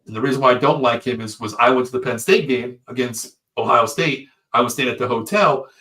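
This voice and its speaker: A man co-hosting a casual live sports talk show, an excitable storyteller who swears freely. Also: mid-range voice, brisk. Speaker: podcast co-host.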